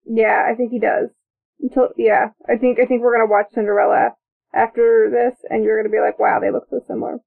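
A chatty, excitable woman co-host reacts to a film and reads out her notes. Her voice sits fairly high with a gravelly fry. The sound is thin and tinny, like a phone line. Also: a little fast. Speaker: podcast co-host. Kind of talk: casual movie-watching chat.

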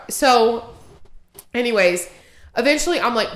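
Young woman, podcast co-host, swinging pitch, raised voice, swears, acts out quotes. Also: a little fast. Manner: animated, profane, acts out quotes. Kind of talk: casual storytelling chat.

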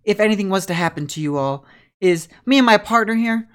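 A woman voicing a spunky, upbeat teenage girl who talks in an eager, bright pitching tone. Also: expressive, fairly quick, natural voice.

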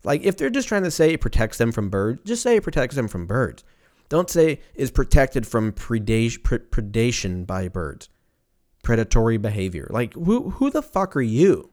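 A young man, riffing in a casual comedic monologue, rambling and swearing, with quick silly voices for imagined people. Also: medium pitch, very animated, darkish tone. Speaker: podcast host.

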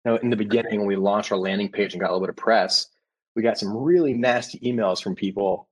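Low husky guy in his 30s, chatty founder story, does little voices for customers. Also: fast, poor audio. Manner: animated, acts out quoted customers with restarts. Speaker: startup founder. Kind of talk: casual conversational interview.

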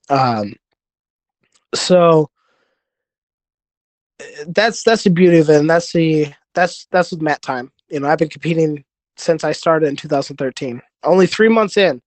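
A man's voice: fairly high pitch, normal speed, pauses often, no room sound. A man telling stories in a casual podcast interview, earnest and rambling with many restarts. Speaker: podcast guest, jiu-jitsu competitor.

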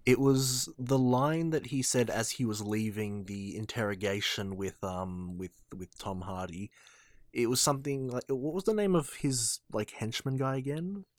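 A man's voice: mid-range voice, normal speed, no room sound. A man in a casual film review chat, thoughtful and a little rambling. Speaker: podcast co-host.

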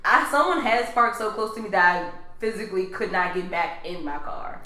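A woman's voice: mid-range voice, expressive, moderate pace, sharp tone. A young woman co-hosting a casual chat, reading out list items and laughing often. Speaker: podcast co-host. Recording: echoey room.

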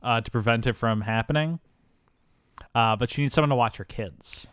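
A man's voice: mid-range voice, moderate pace, fairly bright tone, smooth, dry recording. Young man, podcast co-host, rambling movie recap, dry close sound. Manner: rambling, filler-heavy retelling with laughs. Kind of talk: casual movie recap chat.

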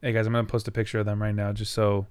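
A man's voice: fairly low pitch, monotone, rapid-fire, darkish tone, smooth. A man hosting a podcast in casual chat, tired and laid-back, laughing easily. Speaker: podcast host.

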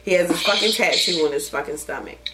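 A woman's voice: on the low side, fast talker, noisy background. Profane, laughing woman host. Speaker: podcast host. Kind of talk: casual chat.

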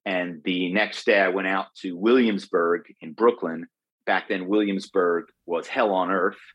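A middle-aged man recounts old stories as an interview guest, his voice low and husky. He rambles along, doubling back with fillers and restarts. The sound is dry and close, with no room around it. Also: fairly even intonation, unhurried, fairly bright tone, no echo, muffled recording. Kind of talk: conversational storytelling.

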